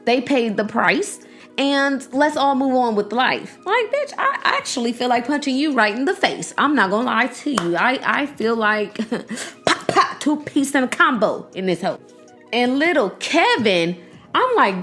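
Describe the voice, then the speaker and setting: A young woman hosting a podcast in casual chat. She talks in an animated, profane way, laughs often and acts out the people she quotes. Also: sits high, normal speed, faint music behind. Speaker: podcast host.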